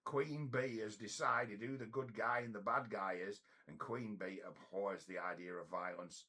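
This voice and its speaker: A man's voice: on the low side, moderate pace, pushed and bright, breathy edge. A middle-aged man tells a story in a blunt, profane, rambling way, often restarting his sentences. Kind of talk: casual storytelling monologue.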